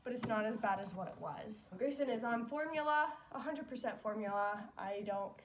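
A woman's voice: fairly high pitch, animated, normal speed. A young woman vlogging as a mom, chatting fondly and casually with lots of fillers. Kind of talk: casual chat.

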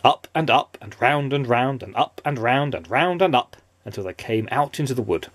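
A man's voice: medium pitch, animated, normal speed, a bit bright, no room sound. A father reading a children's story aloud in a playful, sing-song way.

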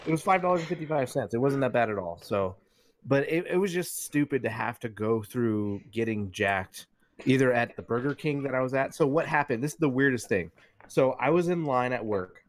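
A young adult man, a podcast co-host, telling a rambling story in casual chat and swearing freely. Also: medium pitch.

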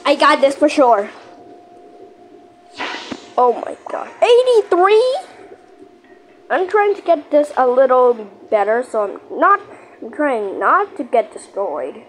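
High, lively, excitable woman gamer. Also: slight background noise. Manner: excitable, panicky outbursts and shouted countdowns; repeats phrases rapidly under pressure. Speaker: gaming channel host. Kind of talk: live gameplay commentary.

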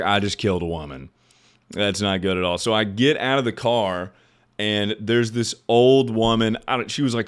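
A young man in his twenties talks to his stream with a low, deep voice that stays smooth and clear. He rambles through stories, swears freely, and laughs at his own mishaps. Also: a bit bright. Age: 20s. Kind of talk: casual storytelling chat on a live stream.

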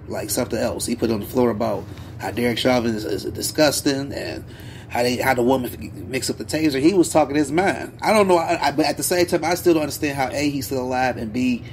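A man co-hosting a podcast, telling stories in a loose, animated way with plenty of slang and asides. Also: mid-range voice, slight background noise. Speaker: podcast co-host. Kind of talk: casual podcast chat.

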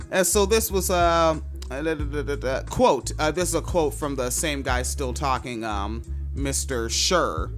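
A man's voice: a little high, moderate pace, soft background music. A man hosting a podcast, reading news items aloud and riffing on them in a loose, profane way. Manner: profane, loose, reads news then riffs. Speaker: podcast host. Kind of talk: casual news commentary.

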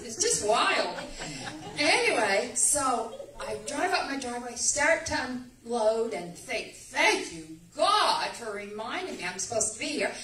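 A woman's voice: on the high side, pushed and bright, slight background noise. A woman giving a rambling, emphatic testimony in church. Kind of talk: animated testimony storytelling. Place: church sanctuary. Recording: echoey church room, distant mic.

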